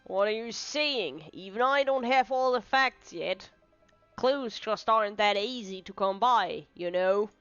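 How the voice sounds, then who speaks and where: A woman's voice: mid-range voice, a little slow, a bit bright, clear, resonant tone, dry recording, lo-fi sound, faint music behind, natural voice. A woman voicing a stern, bossy male police inspector in a video game who barks orders.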